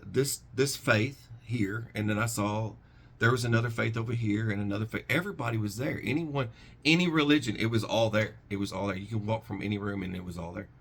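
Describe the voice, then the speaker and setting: A middle-aged man hosting a preparedness channel, recounting a dream in a rambling, halting way with many restarts. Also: on the low side, a bit bright. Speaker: prepper channel host. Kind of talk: casual storytelling to camera.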